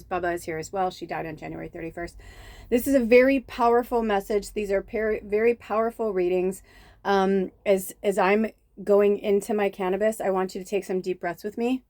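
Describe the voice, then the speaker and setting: This tarot reader and medium from Chicago's south suburbs gives a chatty spiritual card reading, easily distracted and often drifting off into whispers. Her medium-pitched voice is brisk and darkish, with no echo.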